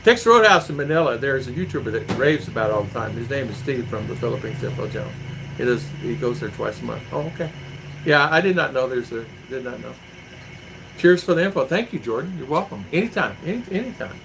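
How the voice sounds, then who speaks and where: A man's voice: medium pitch, expressive, fast talker, vocal fry, noisy background. A man chatting casually on a livestream, reading out chat comments and rambling through stories with acted-out quotes. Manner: rambling storyteller who acts out quotes. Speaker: vlogger living abroad, reading live chat.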